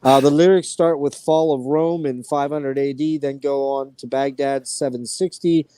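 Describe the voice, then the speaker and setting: A man hosting an online talk show, telling stories in an animated way and swearing freely. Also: medium pitch, moderate pace, slight background noise. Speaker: podcast host. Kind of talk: casual chat.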